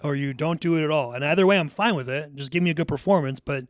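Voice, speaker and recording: A man's voice: a little high, fast, dry recording, studio quality. A man co-hosting a podcast, talking casually and rambling with lots of fillers. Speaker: podcast co-host. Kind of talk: casual chat.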